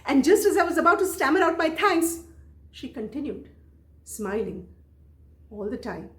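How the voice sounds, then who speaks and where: A woman storyteller telling a personal tale in an expressive, dramatic way, repeating phrases for effect. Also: high-pitched, moderate pace, reverberant. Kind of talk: oral storytelling performance.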